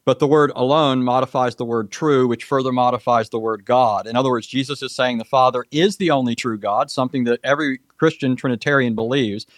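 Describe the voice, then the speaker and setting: A man's voice: mid-range voice, steady tone, fairly quick, hardly any pauses, no echo. Precise man debating scripture, dry sound. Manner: precise, lecturing, cites scripture references. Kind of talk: formal debate answer.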